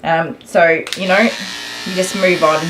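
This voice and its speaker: A woman's voice: fairly low pitch, steady tone, unhurried, noisy background. A woman, chatting on and on to her viewers while she grooms dogs in her salon. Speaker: dog groomer streaming live. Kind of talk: chatty live stream while working. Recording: clipper buzz behind the voice.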